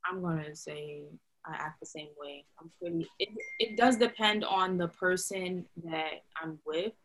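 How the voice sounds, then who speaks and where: Woman stressing key words, lowish voice. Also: a little slow, poor audio. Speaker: discussion participant. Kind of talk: casual group discussion.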